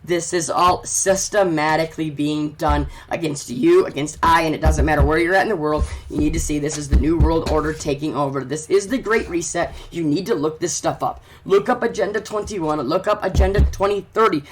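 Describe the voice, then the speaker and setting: A man's voice: a little high, brisk, hardly any pauses, slight background noise. A man hosting a commentary vlog, reading news aloud and ranting about it in a fervent, preachy way that urges his listeners. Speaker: channel host.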